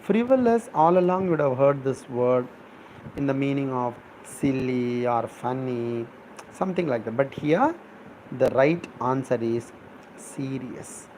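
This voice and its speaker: A man's voice: medium pitch, unhurried, a little mellow, slight background noise, rough recording. A middle-aged man, a professor explaining words for an exam, spelling them out letter by letter. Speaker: English professor. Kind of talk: exam-prep vocabulary lesson.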